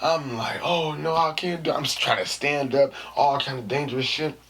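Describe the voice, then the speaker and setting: A man with a slightly high voice hosts his own podcast, speaking at a moderate pace over a noisy background. He tells a story in animated, slangy fashion, acting out the quotes and even the screams.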